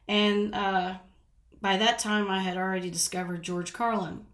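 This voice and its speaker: A woman's voice: medium pitch, steady tone, a little slow, fairly bright tone. Chatty woman vlogger in a roomy space. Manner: chatty, rambling, laughs often. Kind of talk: casual storytelling. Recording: roomy echo.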